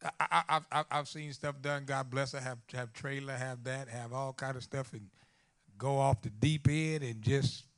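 A man preaching a sermon. He rises to loud, fervent lines and drops to hushed, near-whispered storytelling, repeating phrases for emphasis. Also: mid-range voice, fairly even intonation, normal speed.

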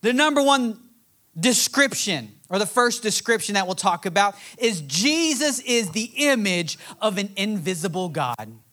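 A man's voice: high-pitched, very animated, a little slow, sharp tone. A man preaching a sermon, reading scripture aloud and building to emphatic, passionate points. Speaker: pastor.

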